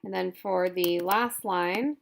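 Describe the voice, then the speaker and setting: Woman teacher lecturing slow, casual, kinda thinking out loud. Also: fairly low pitch, vocal fry, slight background noise. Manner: informal, thinking aloud. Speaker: college instructor. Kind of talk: recorded lecture.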